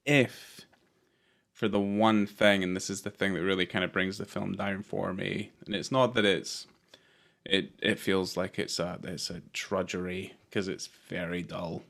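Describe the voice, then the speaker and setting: A man with a low, gravelly voice, talking casually on a podcast about a film he didn't enjoy. He rambles, restarts his sentences and swears freely as he goes. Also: little pitch movement, a little slow, fairly bright tone. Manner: rambling, self-interrupting, sweary. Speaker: podcast co-host. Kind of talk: casual film review chat.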